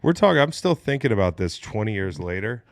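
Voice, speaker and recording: A low-pitched man in his late thirties hosts a casual sports talk show. He is animated and joking, swears freely, and sounds close and dry with no room around him. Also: fairly quick, no room sound. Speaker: podcast host.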